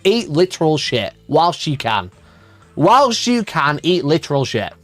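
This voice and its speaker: A man hosting a livestream, answering his chat in a sweary, mocking rant and laughing often, with his voice shooting up high when he gets exasperated. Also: big pitch swings, a little slow, a bit bright, soft background music. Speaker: livestream host.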